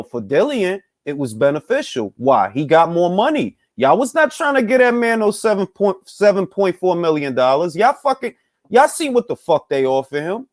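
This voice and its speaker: A man's voice: a little high, no echo, clean studio sound. A man hosting a boxing talk show, ranting in a heated, profane and casual way straight at the fans. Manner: animated, profane, heated, addresses fans as y'all. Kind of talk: casual opinion rant.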